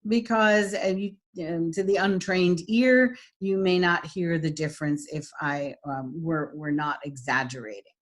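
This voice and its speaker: A woman teaching an online lesson on voice qualities, chatty with many fillers, demonstrating each quality with deliberate exaggeration. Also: lowish voice. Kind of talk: online lecture.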